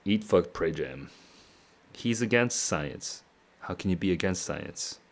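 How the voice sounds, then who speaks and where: On his stream, a man with a notably low, creaky voice slowly reads a novel aloud, often pausing to muse on the passages and chuckling along the way. It's a relaxed, unscripted session of casual reading and reacting.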